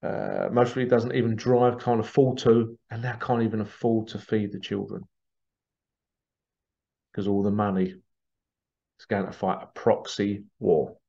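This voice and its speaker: A man's voice: lowish voice, level tone, measured pace, gravelly, long pauses, dark tone, muffled recording. A man hosting a podcast, talking earnestly in a rambling, repetitive monologue. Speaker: podcast host. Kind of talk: casual monologue.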